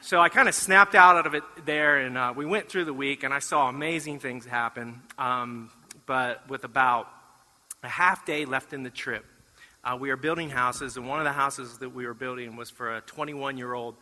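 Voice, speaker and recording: A man's voice: mid-range voice, moderate pace, pushed and bright. A middle-aged man giving a church testimony, telling his story with acted-out dialogue and self-deprecating humor. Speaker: church mission trip speaker. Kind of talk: testimony talk to a congregation. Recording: long reverb of a large hall.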